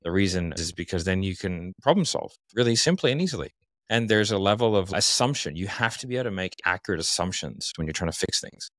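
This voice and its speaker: Male podcast guest, low voice, blunt and confident, dry close sound. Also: lively intonation, fast talker, a bit bright, no room sound. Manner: confident, blunt, explains with examples. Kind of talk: casual interview talk.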